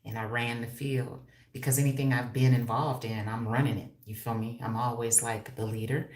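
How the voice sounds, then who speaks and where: A woman of about fifty talks on her livestream in a low, deep voice, loud-mouthed and quick to swear or laugh. She chats casually with viewers and answers their comments. The sound is roomy and echoey, like it was recorded in a bare room at home. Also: level tone. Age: 50s. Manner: brash and profane, laughing often. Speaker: hairstylist and livestream host.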